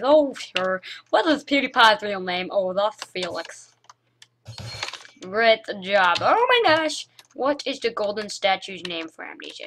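High bright-voiced woman gaming host. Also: rough recording. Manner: playful, reads level titles aloud and jokes. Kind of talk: casual game commentary.

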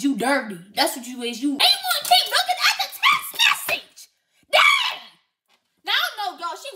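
Young woman, vlogger, very high pitch, lively swings, loud theatrical scolding. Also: noisy background. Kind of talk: animated prank vlog rant.

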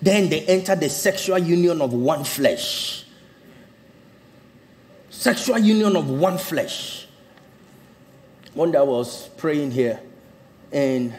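A man preaching a sermon as pastor, telling stories in an animated way. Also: on the high side, long reverb tail. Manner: animated storytelling.

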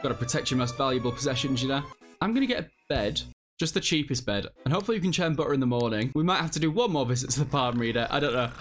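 A man's voice: mid-range voice, expressive, very fast, faint music behind. A man giving casual, self-mocking commentary over a video game, with a non-American English accent. He swears freely and laughs often. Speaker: let's play host.

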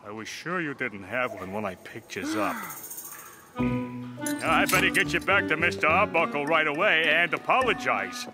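A man's voice: fairly high pitch, sing-song, normal speed. An actor playing a blunt, working-class male dogcatcher in a cartoon. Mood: gruff. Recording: cartoon soundtrack with loud music.

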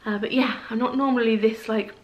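A woman's voice: fairly high pitch, fairly even intonation, a little fast, rough recording. A woman chatting casually in her vlog, rambling and poking fun at herself. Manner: chatty, rambling, self-deprecating. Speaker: vlogger.

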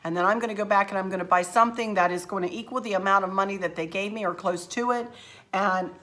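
A woman's voice: mid-range voice, fairly even intonation, fast, fairly bright tone. A woman hosting a craft channel, chatting effusively and emotionally to a handheld camera at home, her throat a little scratchy. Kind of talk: casual chat to camera.

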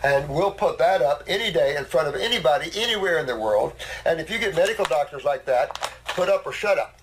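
A man's voice: on the high side, animated, a little fast, background noise. An older man hosting a casual talk, a blunt and boastful storyteller. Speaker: host. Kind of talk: casual conversation.

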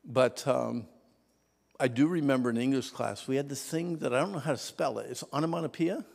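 A man preaching a Sunday school sermon to adults, teens and kids, swinging from hushed whispers to shouts and having the audience repeat words after him. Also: medium pitch, fairly quick, vocal fry. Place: church hall. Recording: long reverb of a church hall.

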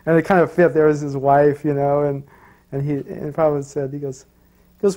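A man's voice: fairly high pitch, little pitch movement, fairly quick, warm tone. A man recalling past events in a loose, rambling way, full of "you know"s and restarts. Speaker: interviewee recalling his guru. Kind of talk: casual storytelling.

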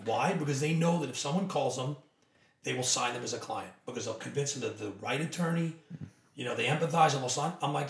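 Talking fast in a creaky, medium-pitched voice, this co-founder of a company makes his case as a podcast guest, emphatic and persuasive, voicing quoted dialogue as he goes. It's an energetic, conversational interview. The sound is reverberant, picked up by a distant mic with slight background noise.

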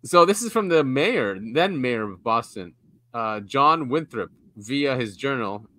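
A man co-hosting a casual podcast, relaxed and chuckling as he reads articles aloud to his co-host. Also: mid-range voice, a little slow, dry recording.

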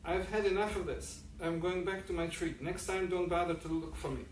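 A man's voice: high voice, fairly even intonation, a little fast, lightly acted. A man reading aloud the lines of a fed-up female house cat, scornful and grumbling. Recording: echoey room, distant mic, faint noise.

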